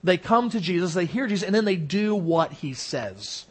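Casting: high-pitched male pastor, earnest sermon delivery, swells and soft drops. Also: expressive, normal speed, breathy edge. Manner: earnest preaching, rising for emphasis and dropping to soft low endings.

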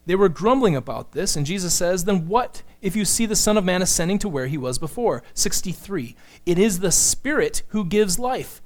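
A man's voice: sits high, lively intonation, moderate pace. A man preaching a sermon, explaining scripture in an earnest teaching manner and acting out quoted lines. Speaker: pastor.

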